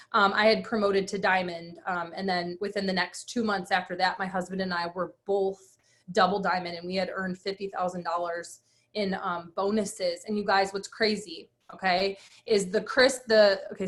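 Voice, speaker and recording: A woman in her thirties, a guest speaker, telling her personal story with emphatic energy and acted-out quotes. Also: mid-range voice. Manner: animated, emphatic, acts out quotes.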